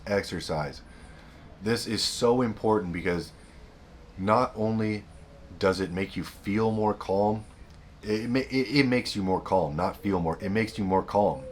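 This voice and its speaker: A man's voice: low voice, slight background noise. A man hosting a self-help video, giving blunt, repetitive, emphatic advice in a casual monologue.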